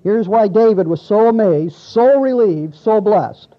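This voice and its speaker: Male pastor, high-pitched, casual teaching sermon with scripture reading; muffled lo-fi church recording. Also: lively intonation, a little slow. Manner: conversational, asks the congregation questions, reads scripture aloud. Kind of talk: expository sermon.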